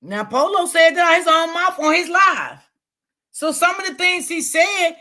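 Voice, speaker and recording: A woman hosts a casual live commentary stream. Her voice sits high and sounds bright and sharp. She gives her opinions bluntly and answers her chat as she goes. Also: very animated, moderate pace. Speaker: commentary livestream host.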